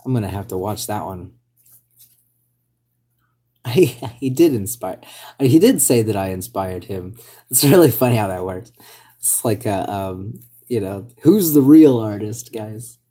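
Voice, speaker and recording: A man chatting casually on a live stream, rambling with lots of hesitations and reading out viewer comments, his voice still recovering from hoarseness. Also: lowish voice, lively intonation, unhurried, long pauses, dark tone. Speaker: livestreamer.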